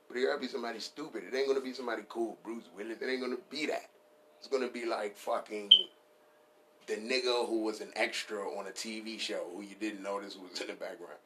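A man with a low speaking voice riffs loosely on a comedy podcast. He swears freely and rambles from one bit to the next in a playful tone. Faint background noise sits behind him. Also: fairly even intonation, fast talker. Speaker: podcast host. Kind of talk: casual comedic riffing.

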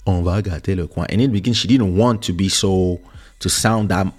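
Speaking fairly quickly in a deep voice, a man from France hosts a podcast and recounts a tale from his music career. His recollection comes with many word repeats and restarts.

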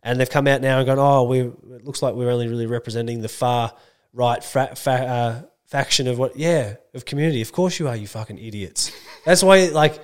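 A man's voice: medium pitch, a little fast, smooth. An Australian man co-hosting a podcast, chatting casually and reading news items in a blunt, sweary, joking way. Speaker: podcast co-host.

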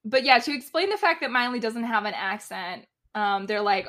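A woman's voice: on the high side, normal speed, fairly bright tone. A woman co-hosting a podcast, chatting casually about a TV episode, laughing often and filling her talk with "like". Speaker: podcast co-host. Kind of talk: casual TV recap chat.

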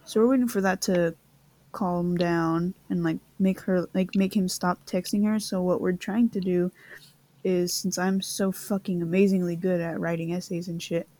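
A woman's voice: lowish voice, steady tone, moderate pace, dark tone. A young woman co-hosting a casual podcast, talking bluntly, swearing freely and rambling through long explanations. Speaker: podcast co-host. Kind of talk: casual profane chat.

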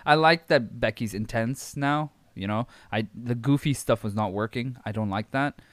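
A man's voice: medium pitch, normal speed, no room sound. A young man hosting a podcast, recapping wrestling in a rambling, amused way with many fillers. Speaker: podcast host.

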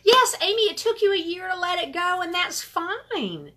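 A middle-aged woman runs a live online group gratitude workshop, reading chat comments and answering them while repeating affirmations in an upbeat, encouraging way. Her very high voice is animated, bright and forceful, at a moderate pace.

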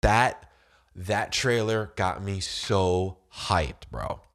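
A man with a cold rambles casually to camera, his voice very low and thickened. He strings thoughts together loosely, dropping "dude" and "bro" constantly. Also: drawn-out words, fairly bright tone. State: has a cold, voice deeper than usual.

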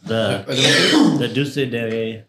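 A man's voice: medium pitch, expressive, very slow. A man co-hosting a casual podcast, making brash slangy remarks. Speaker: podcast co-host. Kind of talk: casual chat. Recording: echoey room with clear hiss.

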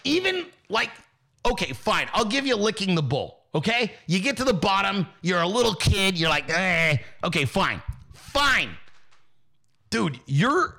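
A high, lively man rants in a loud and mocking way, swearing all the time. His voice is bright and cutting as he hosts his own political commentary stream. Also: a little slow, creaky. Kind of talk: profane ranting commentary.

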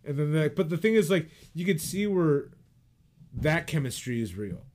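A man casually chatting as a podcast co-host, retelling movie scenes in a loose, animated way, with lots of "like" fillers. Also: a little high, normal speed. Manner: animated retelling, acts out quoted lines. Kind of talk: casual chat.

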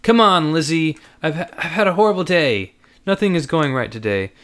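A man's voice: on the high side, expressive, moderate pace, a bit bright, smooth, pitched above the performer's own voice. A man voicing a persistent young man who keeps pleading and pressing. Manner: pleading, insistent. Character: young man, persistent, odd sudden charm.

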